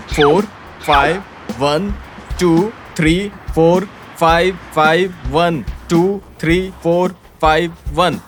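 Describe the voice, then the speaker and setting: A man's voice: on the high side, a bit bright, heavily acted. A man voicing a fed-up office worker in a dubbed film, grumbling and easily confused. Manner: grumbling, bewildered. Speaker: office employee turned hired agent.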